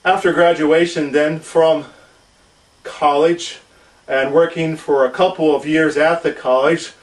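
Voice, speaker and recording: A man in his forties with a Minnesotan accent, a pastor introducing himself in an earnest, measured way with frequent restarts. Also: fairly high pitch, fairly even intonation, recorded from a distance, low-quality recording. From southern Minnesota. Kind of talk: introductory church video.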